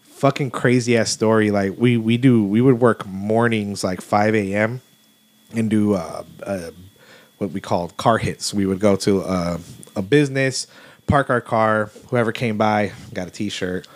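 A man's voice: fairly low pitch, unhurried. A man from Houston telling stories on a casual podcast, laid-back and swearing freely with lots of fillers. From Houston, Texas. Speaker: podcast host. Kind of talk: casual storytelling chat.

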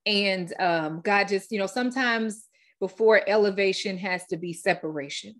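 A woman hosting a faith-based podcast tells her story as heartfelt testimony, repeating words and using fillers. Her voice is medium-pitched and a bit bright, at a normal speed.

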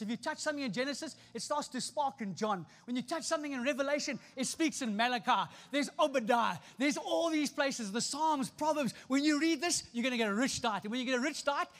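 A pastor with a very high-pitched, fairly bright voice preaches to his congregation from a church stage. He's emphatic, repeats phrases and calls for responses, with a long hall reverb behind him.

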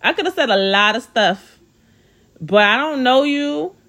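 A woman's voice: high voice, animated, unhurried, a bit bright. A young adult woman hosting a podcast, telling a dating story in a casual, slangy way and laughing often. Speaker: podcast host.

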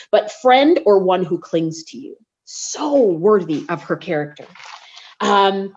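Woman, podcast host, Bible teaching, expressive storyteller, mid-pitched voice, slightly dull recording. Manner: warm expressive storytelling with quotes; uses y'all.

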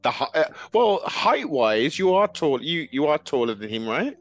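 Halting male interview host. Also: a little high, big pitch swings, muffled recording. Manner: halting, repeats words, formal phrasing. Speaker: podcast host. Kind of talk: casual interview.

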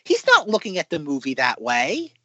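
A man co-hosting a casual podcast, talking in long excited run-on predictions with many restarts. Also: a little high, normal speed, dry recording. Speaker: podcast co-host.

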